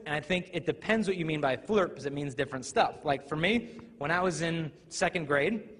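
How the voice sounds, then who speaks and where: A man's voice: on the high side, brisk. A man giving a live talk to students, telling humorous stories and acting out voices. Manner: humorous storytelling, acts out voices. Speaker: youth speaker. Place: large hall with audience. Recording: reverberant hall, faint ambient noise.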